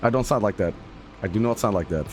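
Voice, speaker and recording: A man's voice: on the low side, fast, music in the background. A man streaming casually who talks emphatically, repeats himself and swears freely. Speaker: streamer and voice actor. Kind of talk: casual livestream chat.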